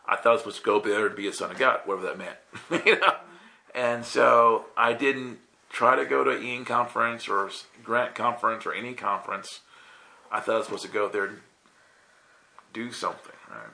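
Gravelly, bright-voiced man telling a story. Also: on the low side, brisk, rough recording. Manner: chatty, self-interrupting, tags with "right?". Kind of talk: casual testimony storytelling.

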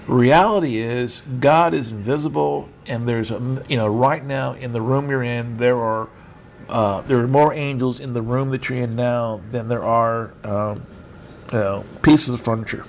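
Over a video call, a middle-aged preacher gives an informal teaching sermon in a mid-range, fairly even voice at a measured pace, with slight background noise. He's conversational and rambling, poking fun at himself.

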